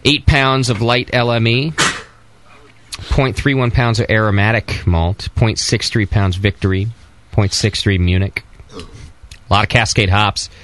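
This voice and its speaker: Man, podcast host, bright tone, joking, casual chat. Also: on the low side, steady tone, unhurried. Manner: joking, reads sponsor plugs.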